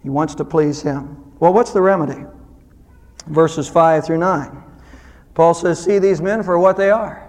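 A man preaching a sermon as pastor, earnest, rising to loud emphasis and dropping to soft low asides. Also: a little slow, long reverb tail.

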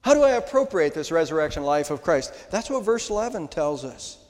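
An older man, a pastor, preaching an Easter sermon in a church, with emphatic rises and slow, stressed words. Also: a little high, big pitch swings, a little mellow. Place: church sanctuary. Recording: long hall reverb.

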